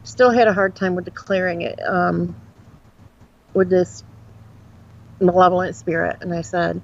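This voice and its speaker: A woman's voice: lowish voice, steady tone, a little slow, gravelly, long pauses. A woman from Upstate New York, a guest psychic medium, rambling frankly and animatedly through her experiences in a casual interview. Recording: dull lo-fi sound.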